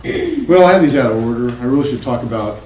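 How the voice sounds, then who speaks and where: A man's voice: mid-range voice, lively intonation, fast talker, a little mellow, slight background noise, low-quality recording. A man giving a classroom lecture as a psychology professor, loose and conversational, with many fillers and asides.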